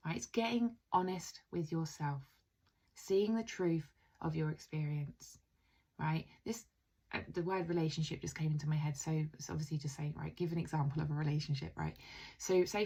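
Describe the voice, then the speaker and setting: A woman with a fairly low voice talks gently and earnestly as she teaches a self-healing method to camera. She keeps checking in with a soft "right?" and slips into tender, soothing phrases as if comforting someone. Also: vocal fry, slightly rough. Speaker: intuitive coach.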